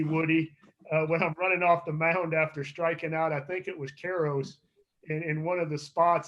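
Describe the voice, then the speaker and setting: A man's voice: fairly high pitch, a bit bright. Chuckling middle-aged man on a lo-fi call. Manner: rambling, with frequent chuckles and restarts. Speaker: former pitcher, guest. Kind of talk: casual storytelling interview.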